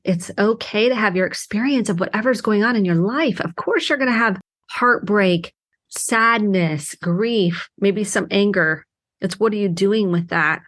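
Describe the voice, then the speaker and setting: A middle-aged woman therapist hosting her own podcast, talking alone in an earnest, heartfelt way with emphatic bursts. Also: medium pitch. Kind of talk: reflective solo podcast monologue.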